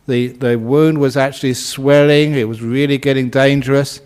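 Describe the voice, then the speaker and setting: A man's voice: mid-range voice, normal speed, smooth. Give me a chuckling man telling a humorous story in a dharma talk. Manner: chuckles often at his own story; relaxed, conversational, frequent "you know". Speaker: Buddhist monk and teacher.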